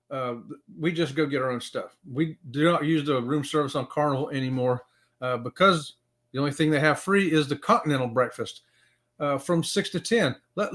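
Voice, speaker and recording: A man's voice: fairly high pitch, fairly bright tone. A middle-aged man hosting a casual live-stream chat, rambling with fillers and greeting viewers by name. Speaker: live-stream show host.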